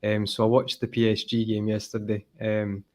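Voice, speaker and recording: Relaxed rambling man on a panel. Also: on the low side, moderate pace. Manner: relaxed, rambling, many fillers. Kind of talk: casual chat.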